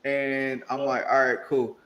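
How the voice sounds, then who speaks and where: A man's voice: medium pitch, measured pace. A man from Arkansas, raised in Indiana, hosting a livestream and telling a story in casual chat, acting out the quotes. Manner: animated storyteller, acts out quotes. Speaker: livestream host.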